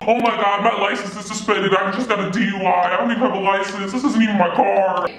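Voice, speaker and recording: A woman's voice: fairly low pitch, lively intonation, moderate pace, very echoey, slight background noise, voice pushed down, lightly acted, poor audio. A woman voicing a nervous young man who pleads and panics in a frantic rush. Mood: panicky.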